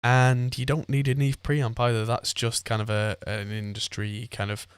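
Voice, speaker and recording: A man's voice: mid-range voice, level tone, moderate pace, clear, resonant tone, no echo, studio quality. A man hosting a podcast, chatting casually and rambling with frequent laughs. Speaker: podcast host. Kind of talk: casual chat.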